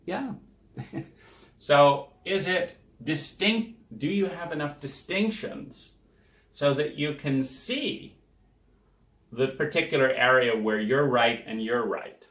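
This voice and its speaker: The self-help podcast host here has a medium-pitched, slightly bright voice with lively intonation, a slow pace and long pauses. He reflects through examples in a conversational, emphatic style, acting out the people he quotes. The recording carries room echo.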